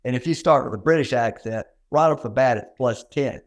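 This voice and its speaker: A Southern-accented older man, a dentist from Arkansas, speaks fairly quickly in a mid-range voice. He's telling stories during a conversational interview, folksy and ready to laugh at himself.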